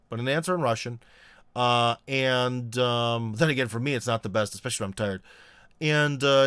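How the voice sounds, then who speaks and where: A man with a smooth, clear voice and a middle pitch talks in a loose, rambling way, full of pauses and restarts. He is from the United States and hosts a casual commentary channel. The sound is dry and close. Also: fairly bright tone, no echo. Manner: rambling, many fillers and restarts. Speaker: host.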